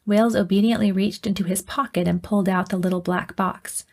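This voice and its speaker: Brief: woman audiobook narrator, first person, measured, middle pitch. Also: steady tone, darkish tone.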